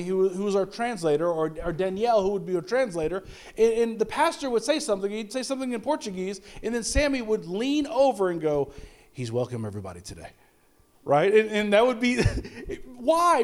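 High-voiced middle-aged male pastor. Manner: conversational preaching with repeated rhetorical questions and stammered restarts. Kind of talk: sermon.

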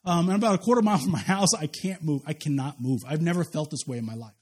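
A man's voice: fairly high pitch, fast, darkish tone, slightly rough. A man pastor preaching a sermon in a conversational, story-telling way, often repeating and restarting words, with self-deprecating humor.

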